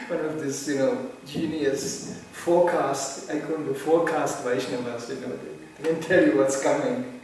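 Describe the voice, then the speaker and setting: A man in his sixties giving a devotional lecture, chuckling often as he tells stories in an animated way. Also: mid-range voice, measured pace, vocal fry, a little hiss or hum. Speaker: spiritual teacher. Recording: echoey hall from far off.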